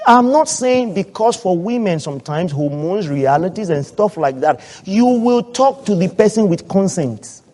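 A man preaching a sermon as pastor, calling for amens and acting out what husbands and wives say, swinging from soft asides to loud proclamations. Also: sits high, expressive, normal speed, hardly any pauses. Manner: preaching loudly with call-and-response amens, swinging from soft to shouted; acts out quoted voices of husbands and wives.

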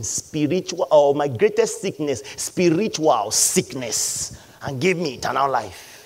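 A man's voice: fairly high pitch, expressive, unhurried, few pauses, slightly rough. A man preaching a sermon. He talks emphatically, repeats key lines and acts out voices from the congregation. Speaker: pastor.

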